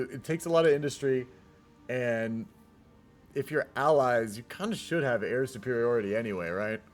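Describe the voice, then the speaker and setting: Laid-back rambling male game streamer. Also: mid-range voice. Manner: rambling, laid-back, swears often, trails off into asides. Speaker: streamer casting a multiplayer strategy game. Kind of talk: casual live-stream commentary.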